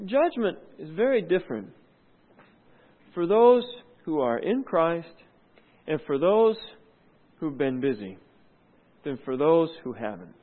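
A man preaching a sermon in a conversational way, full of rhetorical questions and frequent throat-clearing. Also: fairly high pitch, sing-song, slow, pauses often. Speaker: pastor. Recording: tinny phone-like sound.

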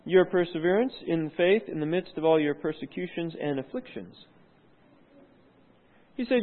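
High-voiced male preacher on a tinny line. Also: animated, moderate pace, long pauses. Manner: conversational, asks rhetorical questions; clears throat often. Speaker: pastor. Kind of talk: sermon. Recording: tinny phone-like sound.

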